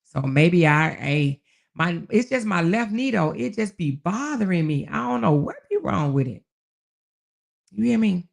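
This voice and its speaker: Gravelly-voiced woman hosting a folksy chat. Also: fairly low pitch, sing-song, unhurried. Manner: chatty, folksy, calls viewers baby, child and honey; laughs often while talking. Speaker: livestream host. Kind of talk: casual live chat reading viewer comments.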